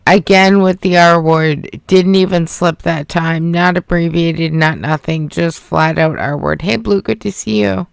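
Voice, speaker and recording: Woman reaction host, sarcastic commentary, gravelly voice, dry close sound. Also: lowish voice, steady tone, measured pace, few pauses, no room sound.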